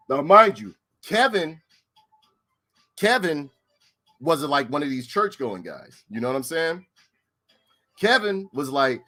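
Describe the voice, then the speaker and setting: A middle-aged man telling stories in casual chat. He is animated, swears freely and repeats his lines for effect. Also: high-pitched. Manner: animated, profane, repeats himself. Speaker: storyteller.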